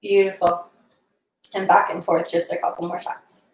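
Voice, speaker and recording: A woman's voice: fairly low pitch, little pitch movement, normal speed, roomy sound, low-quality recording. A young woman leading a live yoga class, casual and encouraging, laughing often and a little out of breath as she moves through the poses. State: slightly out of breath. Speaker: yoga instructor.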